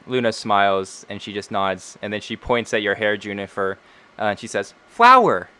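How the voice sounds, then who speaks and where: Relaxed low-voiced male game master. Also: normal speed, clear, resonant tone. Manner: relaxed, many fillers. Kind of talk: narrating a tabletop game.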